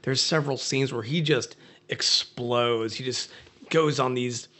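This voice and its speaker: A man's voice: mid-range voice, unhurried, pushed and bright. A man talking casually as a podcast guest, rambling through movie scenes with lots of fillers and restarts. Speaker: guest film buff.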